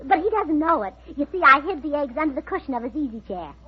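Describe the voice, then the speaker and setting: A woman's voice: sits high, sing-song, quick pace, very noisy. A woman performing sweet, scatterbrained comedy in a 1940s radio show, delivering absurd lines matter-of-factly. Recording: dull old radio recording.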